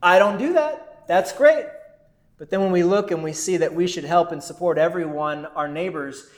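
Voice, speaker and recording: High-voiced man preaching a sermon. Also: moderate pace, echoey room. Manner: earnest, conversational preaching with rhetorical questions. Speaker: pastor.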